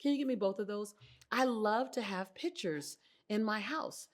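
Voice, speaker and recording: Woman, motivational host, expressive, animated, laughs often, talk to camera, indoor set. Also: mid-range voice, moderate pace.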